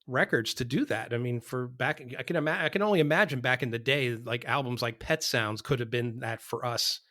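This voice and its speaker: A man in his fifties co-hosting a podcast, talking excitedly about an album with many stammered restarts. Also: medium pitch, a little fast. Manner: excitable, stammering restarts, self-described sci-fi geek. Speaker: podcast co-host. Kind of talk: casual music chat.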